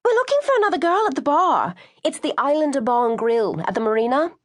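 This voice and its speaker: A woman voicing a brash, cheerful young woman born in Australia and raised in London, with a high, loud, chatty manner. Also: very animated, fast. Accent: Australian-London mix put on.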